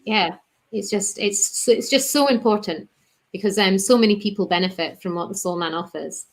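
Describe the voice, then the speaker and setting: A woman's voice: medium pitch, moderate pace. A woman in her fifties, a podcast guest, chatting casually in an encouraging way and laughing often. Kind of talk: casual chat.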